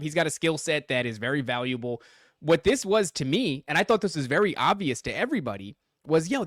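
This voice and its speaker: A man's voice: fairly high pitch, fairly bright tone, no room sound, studio quality. A man co-hosting a podcast, arguing his point emphatically with rhetorical questions. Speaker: podcast co-host. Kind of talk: casual podcast debate.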